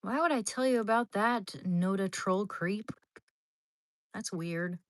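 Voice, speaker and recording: A woman on a kitchen livestream talks casually and loosely with her viewers, frequently trailing off and starting again, and coos to her dog in baby talk. Her voice is medium-pitched and slow, with no echo.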